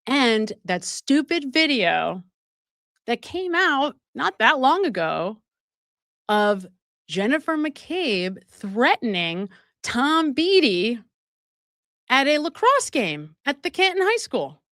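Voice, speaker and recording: A woman hosting a live true crime stream in a brightish voice, recorded close and dry. She talks straight to her viewers, emphatic and animated, breaking into laughter mid-sentence and throwing in asides. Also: sits high, slow, dry recording. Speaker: livestream host.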